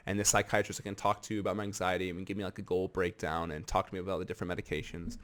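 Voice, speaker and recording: A young American man in his twenties telling his own story in an earnest, animated way, casual vlog talk. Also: low-pitched, very fast. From United States. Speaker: vlogger. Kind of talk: candid personal vlog talk.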